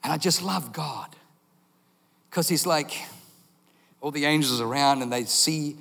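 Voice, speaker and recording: A male preacher with a high voice delivers a lively, joking sermon, slipping in and out of acted voices. Long reverb trails his words through a big hall. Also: unhurried, creaky. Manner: animated, jokey storytelling, acts out voices.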